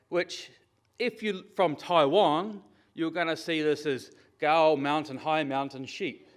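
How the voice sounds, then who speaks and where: A middle-aged man giving a lively, conversational conference talk and often checking in with the audience. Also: a little high, clear, resonant tone. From New Zealand. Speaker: conference speaker. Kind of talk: conference presentation.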